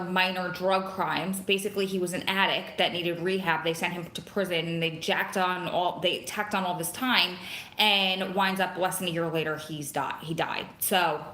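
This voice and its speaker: A chatty woman talks into her phone on a live stream and rambles from one thing to the next. Her voice is bright and forward. The room around her is echoey. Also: fairly low pitch. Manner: greets viewers by name, chatty and rambling. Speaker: vlogger hosting a live stream. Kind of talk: casual live-stream chat. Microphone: phone camera.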